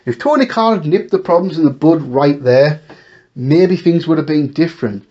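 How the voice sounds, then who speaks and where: A man's voice: fairly high pitch, expressive, moderate pace, mellow. A man hosting a wrestling talk show, ranting in exasperation and firing off rhetorical questions. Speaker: wrestling commentary host. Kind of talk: casual opinion talk. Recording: dull lo-fi recording.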